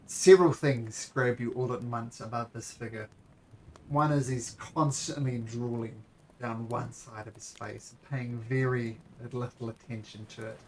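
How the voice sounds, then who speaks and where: A man's voice: medium pitch, darkish tone, slight background noise. A man running a tabletop game as game master, narrating scenes with frequent fillers and restarts. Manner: descriptive, halting with fillers and restarts.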